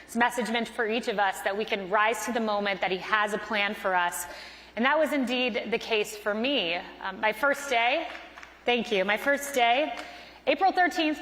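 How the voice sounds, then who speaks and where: A woman's voice: a little high, a bit bright. Woman telling her story in a reverberant hall. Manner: earnest storytelling with quoted dialogue. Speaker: conference speaker. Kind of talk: motivational speech telling a personal story. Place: large conference hall. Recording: echoey hall with long reverb.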